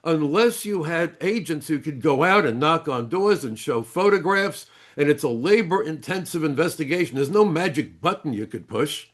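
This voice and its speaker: A man's voice: a little high, lively intonation, moderate pace, few pauses. An older man, a retired immigration agent, speaking as an interview guest with blunt, emphatic storytelling.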